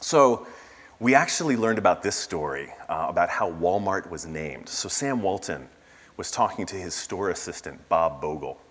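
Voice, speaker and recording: Casting: man with a low voice, casual keynote speaker full of asides, heard in a reverberant conference hall. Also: lively intonation, normal speed, fairly bright tone, husky. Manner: casual storytelling with asides and fillers.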